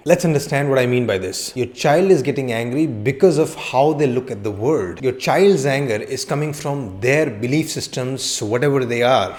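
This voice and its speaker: Man talking calmly to camera. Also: mid-range voice. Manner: direct, conversational, uses rhetorical questions. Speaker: counselling psychologist. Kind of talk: educational talk to camera.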